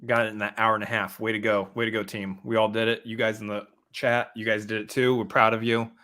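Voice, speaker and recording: A man's voice: fairly low pitch, little pitch movement, fast talker, sharp tone. A man co-hosting a movie podcast, chatting casually and throwing in teasing jokes. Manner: jokey, teasing asides. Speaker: podcast co-host. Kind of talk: casual chat.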